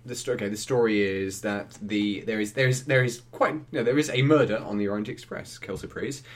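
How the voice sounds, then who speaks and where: On a movie review podcast he co-hosts, a man with a somewhat low voice talks a little fast in a relaxed, rambling way. Restarts come often, and so does his laughter.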